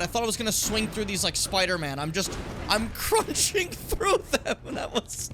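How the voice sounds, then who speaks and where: A young man streaming a game, his high voice swinging wildly up and down as he whoops at the screen. He curses, laughs and shouts taunts at enemies, with game music playing clearly behind him. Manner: loud, profane, laughing outbursts and shouted taunts. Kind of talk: live gameplay commentary.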